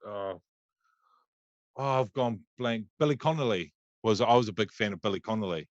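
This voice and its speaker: A man's voice: lowish voice, moderate pace, no echo, dull audio. A man hosting a casual podcast interview, rambling with many ums and restarts. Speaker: podcast host. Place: Auckland, New Zealand.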